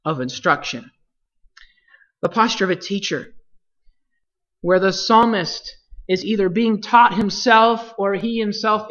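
A Bible teacher leading a study, speaking deliberately and putting questions to the class. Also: medium pitch, a bit bright, dull audio.

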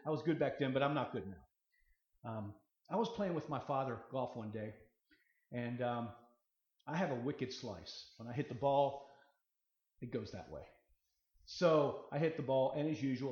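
A man preaching a sermon, moving from quiet storytelling to loud proclamation. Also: mid-range voice. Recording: echoey room, slightly muffled.

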